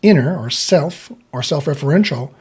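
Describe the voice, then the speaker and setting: A man explains meditation ideas in an unscripted, wandering way, restarting phrases and voicing imagined thoughts. His voice is warm and relaxed with a slightly husky grain. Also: on the high side, moderate pace. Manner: rambling, restarts, acts out inner self-talk. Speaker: meditation teacher.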